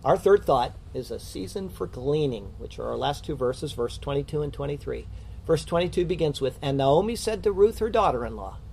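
A man's voice: fairly high pitch, lively intonation, brisk, vocal fry, darkish tone, slight background noise. A man preaching a sermon in an earnest, questioning teaching manner, with scripture readings. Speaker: pastor.

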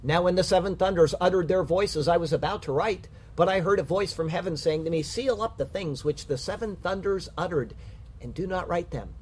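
A man giving a measured, emphatic Bible commentary in sermon style. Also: sits high, breathy edge. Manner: measured, emphatic reading with rhymed verse. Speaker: Bible teacher.

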